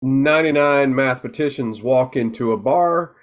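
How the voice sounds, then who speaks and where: A man performing in an online improv game, telling quick pun jokes in a casual, easygoing way. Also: medium pitch.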